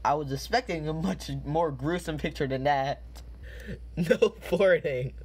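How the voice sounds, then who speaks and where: Man with a high-pitched voice, unhurried deadpan delivery, reading posts with dry asides for a comedy video. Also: husky. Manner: deadpan reading broken out by laughing fits. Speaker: commentary video host. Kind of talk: reading posts aloud with jokey commentary.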